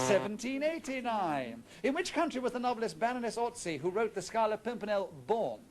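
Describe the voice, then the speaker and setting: A man hosting a television quiz show in a studio, chatty and brisk, teasing the contestants as he reads out the questions. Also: high voice.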